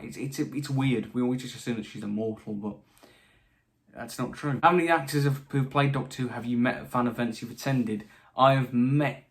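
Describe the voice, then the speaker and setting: A young British man answering viewer questions in a casual chat, with frequent restarts and dry asides, his voice a little tired late at night. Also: mid-range voice. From Britain. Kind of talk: casual Q&A monologue.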